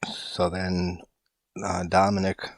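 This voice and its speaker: Deep-voiced man rambling about a film. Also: monotone, slow, creaky, dry recording. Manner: loose, rambling, heavy use of "like", casual swearing. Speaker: podcast host. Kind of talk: casual film review monologue.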